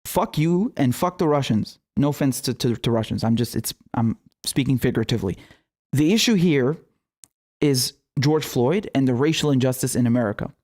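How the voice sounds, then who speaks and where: A man's voice: mid-range voice, normal speed. A young man giving a heated solo political commentary, swearing often and ranting sarcastically. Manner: profane, animated, sarcastic rants.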